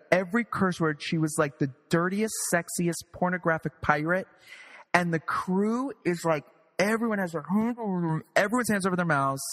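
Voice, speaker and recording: A man who is a playwright and director, guest in a casual interview, telling lively anecdotes with some swearing and acting out other people's lines. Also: fairly high pitch, in a large hall. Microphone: video call.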